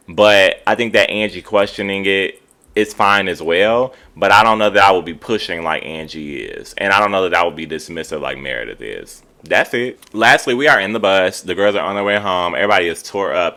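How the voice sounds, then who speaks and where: A man giving an animated, gossipy recap of a reality TV episode, full of slang. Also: low voice. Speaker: TV show reviewer.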